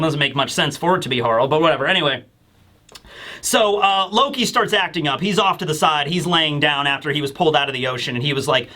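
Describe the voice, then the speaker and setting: A man's voice: a little high, pushed and bright. A young man giving a casual, rambling manga chapter recap, animatedly acting out quoted lines. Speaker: manga review YouTuber.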